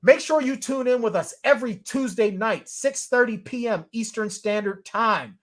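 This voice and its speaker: A man hosting a sports podcast in a loud, jokey, rambling way. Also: extremely high pitch, moderate pace, few pauses. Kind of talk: casual sports chat.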